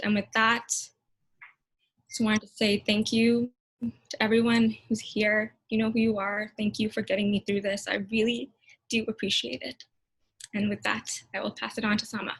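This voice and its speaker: A woman's voice: medium pitch, husky, low-quality recording. Earnest young woman giving a heartfelt speech. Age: 20s. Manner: earnest, emotional, laughs now and then. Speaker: new lawyer giving a speech.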